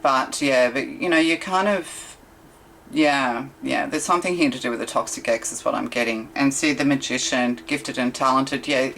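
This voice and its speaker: Woman, tarot reader, very low voice, meandering chatty delivery, faint hiss behind. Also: moderate pace, fairly bright tone, poor audio. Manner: meandering, chatty, full of fillers and rhetorical questions. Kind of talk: casual tarot reading monologue.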